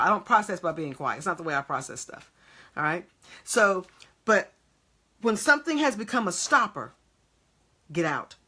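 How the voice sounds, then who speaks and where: Bright-voiced woman preaching emphatically. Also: lowish voice, husky. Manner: emphatic, repeats short checks to the audience. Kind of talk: motivational sermon.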